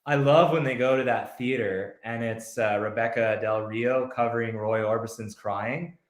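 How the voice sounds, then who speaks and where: A man's voice: medium pitch, fairly even intonation, moderate pace, roomy sound. A man guesting on a podcast, chatting enthusiastically about films and acting out scenes. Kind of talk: casual film chat.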